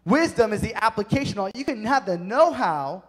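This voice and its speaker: High-voiced youth pastor in an echoing hall. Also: male voice, moderate pace. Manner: energetic, emphatic, talks straight to the kids. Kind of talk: sermon to a youth group. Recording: long hall reverb.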